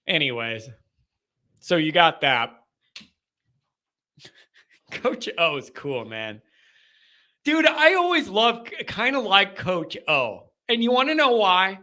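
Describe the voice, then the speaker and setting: A man hosting a live call-in chat, talking in an animated, joking, ranting way. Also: high voice, takes it slowly, long pauses. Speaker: host.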